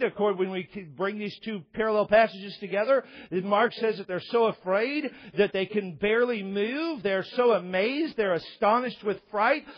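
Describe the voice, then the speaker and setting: A man preaching a sermon in a loud, emphatic, passionate way, often repeating words as he goes. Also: high voice, breathy edge, dull audio.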